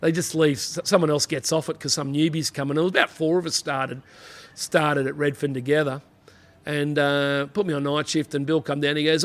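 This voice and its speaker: A man's voice: fairly high pitch, flat delivery, fairly quick, a bit bright. A middle-aged man with an Australian accent, a former police officer telling rambling anecdotes in a casual interview, full of "you know" asides.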